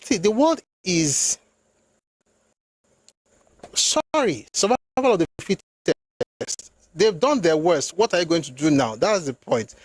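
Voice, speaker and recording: A male political commentator gives an opinionated monologue in a voice on the high side, sing-song, slow-paced and often pausing. He's emphatic and rhetorical, slipping into phrases, rising into indignant outbursts and switching between English and Yoruba. The recording is dry.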